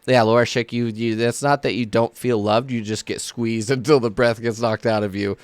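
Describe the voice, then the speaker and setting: A man's voice: medium pitch, fairly even intonation, moderate pace, smooth, no echo. A man narrating a tabletop game as game master, rambling with many fillers and laughs.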